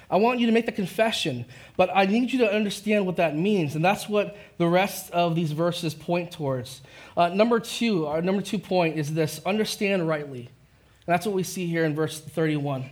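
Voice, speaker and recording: Male pastor, fairly high voice, lively conversational sermon delivery. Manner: conversational, animated preaching with quick asides.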